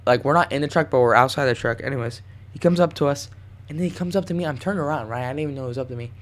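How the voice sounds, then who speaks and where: Young man, vlogger, slangy, swearing, animated storytelling. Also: medium pitch, very fast. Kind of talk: casual storytelling to camera.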